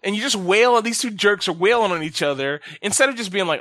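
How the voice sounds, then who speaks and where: A man with a fairly high voice rants on a casual podcast, swearing freely and speaking bluntly. His pitch and loudness jump around as he gets heated. The sound is dry and close, with no room echo. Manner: profane, ranting and blunt; animated, with quick swings in pitch and loudness. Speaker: podcast host.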